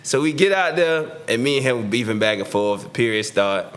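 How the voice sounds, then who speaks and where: A man guesting on a podcast tells a story in loose, slangy talk. He is animated and acts out the people he quotes. His pitch sits in the middle range. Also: brisk. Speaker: podcast guest, former football player. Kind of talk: casual storytelling in a podcast interview.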